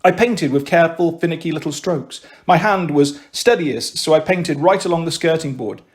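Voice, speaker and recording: A man reading a children's novel aloud in steady, clear storytelling narration. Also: a little high, moderate pace. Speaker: audiobook reader.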